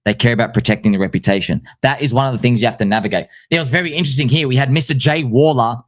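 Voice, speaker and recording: A man hosting a crypto livestream, giving an animated conference presentation with quick asides. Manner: animated and excitable, with rapid asides and sudden jumps in pitch.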